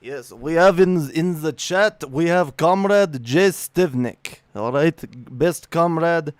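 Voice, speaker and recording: A man's voice: a little high, extremely slow, warm tone, no room sound, pitched above the performer's own voice. A man putting on a grand voice to hail his comrades and greet them. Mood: rousing.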